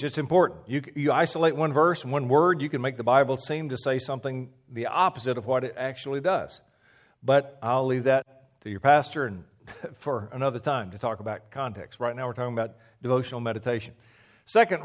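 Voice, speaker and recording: Man preaching an emphatic teaching sermon. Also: moderate pace. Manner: emphatic, repeats key phrases, drops to a low hush for stress.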